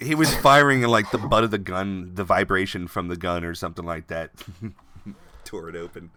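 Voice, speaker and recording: A man's voice: low-pitched, moderate pace, sharp tone, a little hiss or hum. A man running a tabletop game as game master, chatty and laughing often mid-sentence. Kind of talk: narrating a tabletop game over voice chat.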